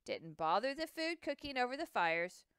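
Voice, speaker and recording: A woman voicing a proud, excitable male expedition captain whose words tumble out in indignant bursts, in a storybook reading. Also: a little high, moderate pace, smooth, dry recording, clean studio sound, pitched above the performer's own voice.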